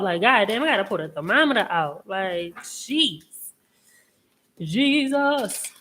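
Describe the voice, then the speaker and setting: Slow-talking chatty woman host. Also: medium pitch, expressive. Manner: chatty, rambling, laughs often; frank, swears casually. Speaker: host and tarot reader. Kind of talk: casual live audio chat.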